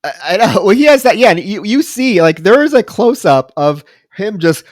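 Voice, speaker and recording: A man's voice: high voice, big pitch swings, moderate pace, crowd noise. A man co-hosting a podcast, casually and animatedly retelling a horror film scene by scene with plenty of swearing. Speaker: podcast co-host. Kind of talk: casual film review chat.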